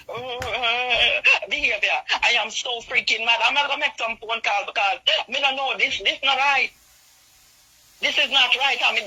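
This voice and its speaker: A woman's voice: on the high side, bright, forceful tone, slightly rough, low-quality recording. A woman with a Jamaican accent delivering an impassioned, repetitive rant in a video. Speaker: vlogger.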